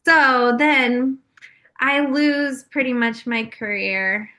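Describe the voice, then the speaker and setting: On a podcast, a young Californian woman openly tells her personal story as a guest, confessional in tone and using frequent fillers. Her voice is high and sharp, with a steady tone and a slow pace.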